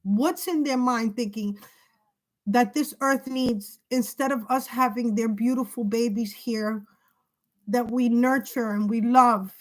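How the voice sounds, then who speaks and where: A woman's voice: fairly high pitch, steady tone, a little slow, low-quality recording. A woman giving an emotional tarot reading who talks in an agitated way, repeats herself and swears. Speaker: tarot reader. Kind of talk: emotional spiritual tarot monologue.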